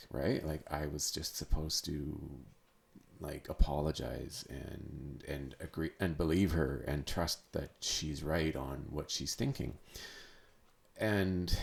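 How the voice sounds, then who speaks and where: A man hosting a podcast, talking through a personal story in a halting, searching way with many restarts. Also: a bass voice, gravelly. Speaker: podcast host. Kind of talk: personal monologue.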